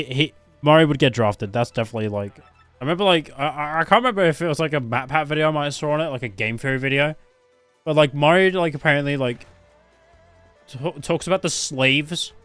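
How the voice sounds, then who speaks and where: A young man streaming a game live, excitable and foul-mouthed, reacting loudly and laughing often. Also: smooth, no echo. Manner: excitable, swearing, laughing often, jumps up and down in pitch.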